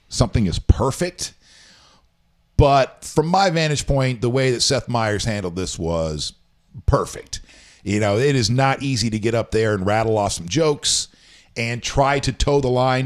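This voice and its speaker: Brief: male co-host, casual rambling chat, reads headlines then riffs on them, mid pitch. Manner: rambling, reads news aloud with asides. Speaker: show co-host. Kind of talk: casual talk show chat. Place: home.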